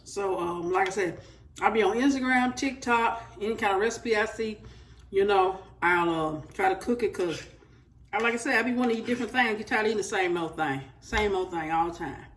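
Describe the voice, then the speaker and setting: A woman's voice: medium pitch, fairly quick, far from the mic, a little hiss or hum. A woman, chatting casually to her viewers as she cooks and tastes food in her home kitchen. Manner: chatty, talks straight to viewers as y'all. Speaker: cooking vlogger. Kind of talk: casual chat while cooking and tasting.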